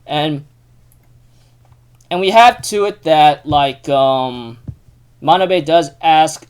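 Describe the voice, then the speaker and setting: Male anime reviewer, fairly high voice, casual, rambling recap full of fillers. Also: slow, long pauses, clean tone. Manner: rambling, heavy use of fillers.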